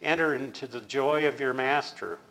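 Stern master judging his servants, read plainly by a male teacher, slow and emphatic. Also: medium pitch, pushed and bright, rough recording. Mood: approving. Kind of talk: scripture reading.

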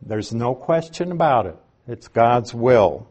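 A man giving a Bible lesson in an unhurried, explanatory way, reading scripture aloud and stressing key words, with a few dry asides. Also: medium pitch, lively intonation, a little mellow. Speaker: Bible teacher. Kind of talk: Bible teaching.

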